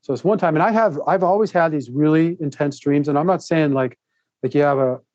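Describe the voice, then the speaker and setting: Man, podcast guest, rambling storyteller, mellow tone, muffled dry sound. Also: fairly high pitch, a little fast, no echo. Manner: rambling, animated, laughs often, restarts sentences. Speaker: podcast guest, author and speaker. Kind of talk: casual interview storytelling.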